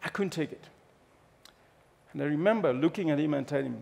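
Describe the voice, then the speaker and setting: Kenyan male speaker, lively comic storyteller, slightly high voice with a touch of fry. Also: fairly quick. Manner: humorous, animated storyteller. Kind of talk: storytelling talk on stage. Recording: long hall reverb.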